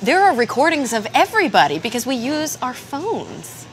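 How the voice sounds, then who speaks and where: A woman reporting casually on location, playful and quick to laugh at herself. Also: sits high, sing-song, slight background noise.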